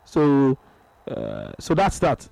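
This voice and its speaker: A man's voice: medium pitch, huge pitch swings, takes it slowly, vocal fry, darkish tone, dry recording, poor audio. A man hosting a sports phone-in radio show, repeating phrases for emphasis.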